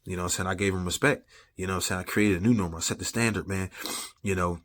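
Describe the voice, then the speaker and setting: A man with a low, deep voice tells a personal faith story in an easy, conversational way. He keeps checking in with listeners through repeated "you know what I'm saying" fillers. His storytelling is unscripted and earnest. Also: steady tone, very fast. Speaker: vlogger sharing personal testimony. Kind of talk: casual faith-based storytelling.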